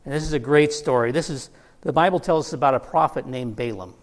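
A middle-aged man preaching a sermon, telling a Bible story with humor and acting out the characters' lines. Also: on the high side. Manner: storytelling with humor, quoting characters in lively voices. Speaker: pastor. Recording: long hall reverb.

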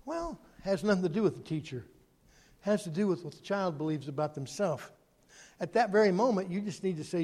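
Man preaching, high voice, animated, loud peaks and soft asides, long hall echo. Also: a little fast. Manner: animated, swinging from loud emphasis to quiet asides. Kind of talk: sermon.

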